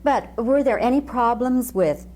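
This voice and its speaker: Admiring woman interviewer, mellow voice. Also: on the high side, a little slow. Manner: effusive, admiring questions. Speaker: interviewer, host. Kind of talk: interview questions.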